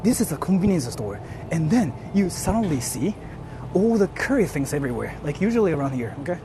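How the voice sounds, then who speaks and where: Animated high-voiced man vlogging. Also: fairly quick, noisy background. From Japan. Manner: emphatic, repeats "see?" and "like" often, swears. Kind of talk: casual vlog talk to viewers. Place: walking through a convenience store.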